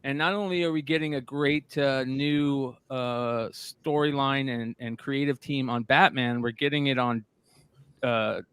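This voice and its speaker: A man's voice: mid-range voice, steady tone, measured pace, fairly bright tone, clean tone. A man hosting a live stream, chatting casually and rambling with lots of fillers. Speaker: host. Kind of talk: casual chat.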